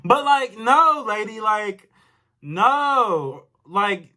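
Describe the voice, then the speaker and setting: Young guy, high bright voice, furious storytime vlogger, slangy and repetitive. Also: big pitch swings, drawn-out words. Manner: angry, exasperated, loose slang, repeats himself. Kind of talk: storytime vlog rant.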